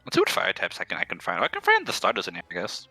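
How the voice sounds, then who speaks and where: A man's voice: deep voice, huge pitch swings, very fast, vocal fry, bright, forceful tone, soft background music. A man guest streamer chatting casually, restarting sentences and repeating words as he rambles.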